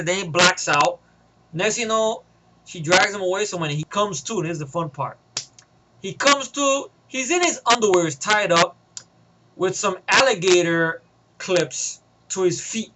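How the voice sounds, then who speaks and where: A man vlogging, rambling through a movie pitch in casual slang and swearing, in a noisy home recording.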